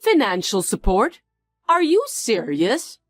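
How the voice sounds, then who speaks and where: A woman's voice: fairly high pitch, sing-song, slow pace, no echo, studio quality, faint music behind, exaggerated voice. A woman voicing a snobbish, mocking wealthy woman who talks down to others in a drama. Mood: indignant. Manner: condescending, taunting.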